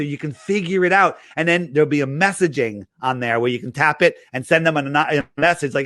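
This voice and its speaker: Animated man telling stories in a dry room. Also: fairly high pitch, brisk, hardly any pauses, dry recording. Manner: animated storyteller, acts out quoted dialogue. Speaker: interview guest promoting his app. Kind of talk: casual interview chat.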